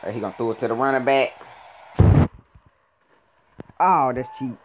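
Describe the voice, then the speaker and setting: A young man giving casual commentary while playing a mobile football game, swinging between loud outbursts and quiet muttering. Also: mid-range voice, racing. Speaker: mobile gaming YouTuber. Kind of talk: casual live gameplay commentary. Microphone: phone. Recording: loud background noise.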